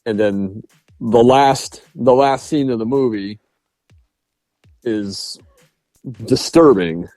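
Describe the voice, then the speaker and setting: A man's voice: medium pitch, slow, warm tone, no room sound, soft background music. A man co-hosting a podcast, chatting casually about a movie and acting out its lines with laughs. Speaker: podcast co-host. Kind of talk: casual film review chat.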